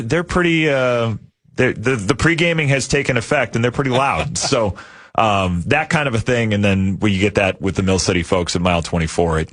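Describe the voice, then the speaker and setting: A man appearing as a guest in a radio studio, explaining at length in a relaxed way and laughing easily. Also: sits low, dry recording. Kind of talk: casual radio talk. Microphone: studio microphone.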